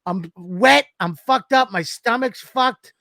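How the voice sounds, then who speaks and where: A man co-hosting a comedy podcast, swearing his way through a lively story on a studio microphone. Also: extremely high pitch, slow, vocal fry, no room sound. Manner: animated, swearing constantly, acts out scenes. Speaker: podcast co-host.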